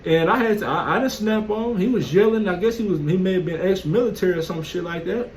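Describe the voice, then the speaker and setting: Blunt, profane man with a high voice. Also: lively intonation, fast talker, slight background noise, low-quality recording. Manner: blunt, profane, streetwise storytelling. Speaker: vlogger. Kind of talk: casual monologue.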